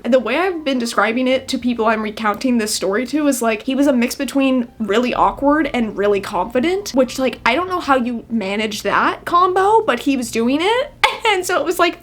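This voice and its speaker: High-voiced chatty young woman vlogger. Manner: chatty, animated, many fillers and laughs. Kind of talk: casual storytime chat.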